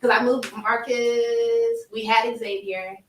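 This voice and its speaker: A woman in her thirties tells her life story as a podcast guest, animated and laughing often while acting out the voices of the people involved. Her voice is a little high and slow. The recording has a slight hiss or hum, an echoey room, and a distant mic.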